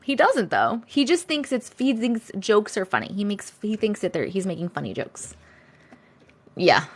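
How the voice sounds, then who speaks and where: Lively chatty woman hosting a live stream. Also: mid-range voice, moderate pace. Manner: chatty, greets viewers by name, laughs often. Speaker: live stream host reading viewer comments. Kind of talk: casual live stream chat.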